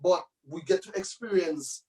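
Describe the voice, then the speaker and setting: High-voiced man telling loose stories. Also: unhurried, warm tone, recorded from a distance, low-quality recording. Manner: loose, rambling, with many tag phrases. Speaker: musician guest. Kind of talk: casual storytelling interview.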